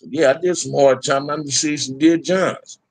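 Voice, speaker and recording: A man's voice: fairly high pitch, fairly even intonation, moderate pace, breathy edge, no echo. A middle-aged man telling prison stories in casual talk to a live chat, candid and laid-back, full of street slang.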